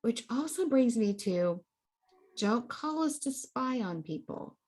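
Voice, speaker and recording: A woman hypnosis practitioner co-hosting a candid chat, explaining things in a steady, affirming way. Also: on the high side, takes it slowly.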